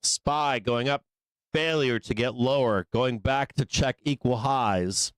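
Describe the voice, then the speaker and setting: A man's voice: mid-range voice, slow, clear, resonant tone, dry recording. Profane rambling man in a dry studio. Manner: profane, rambling, laughs often, acts out voices. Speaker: live trading show host. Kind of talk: casual storytelling between market commentary. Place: studio office.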